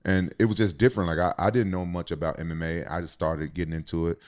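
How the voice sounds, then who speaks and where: A man's voice: low voice, fairly even intonation, fast, darkish tone. A man hosting a podcast, talking in a loose, conversational way that repeats words as he goes. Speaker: podcast host. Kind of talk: casual podcast talk.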